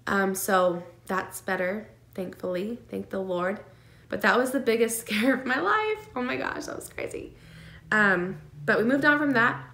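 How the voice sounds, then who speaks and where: A vlogger shares the story of her twin pregnancy in a casual, personal way, her medium-pitched voice fairly bright. She sounds emotional and earnest, with many fillers and nervous laughs, and the room is echoey.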